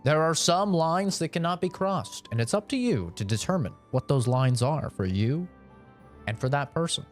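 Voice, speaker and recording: Young man, streamer, joking mock-sermon, lively swings in pitch, faint music. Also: normal speed. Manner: joking, mock-preachy advice. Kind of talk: casual gameplay commentary.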